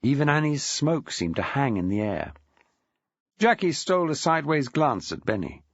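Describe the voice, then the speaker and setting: A man narrating a crime novel audiobook with expressive, varied storytelling. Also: medium pitch, moderate pace, dry recording, dull audio. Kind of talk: scripted narration.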